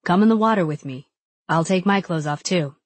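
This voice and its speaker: A woman reading an audiobook and voicing a playful, teasing young man in her own lowered tone. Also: fairly quick, no echo, natural voice. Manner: teasing, easygoing. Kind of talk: audiobook character voice.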